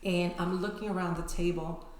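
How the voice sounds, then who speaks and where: A woman's voice: on the low side, fairly even intonation, moderate pace, a little mellow. A woman telling her personal story as an interview guest, emotional and often ending sentences with "right?". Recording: echoey room.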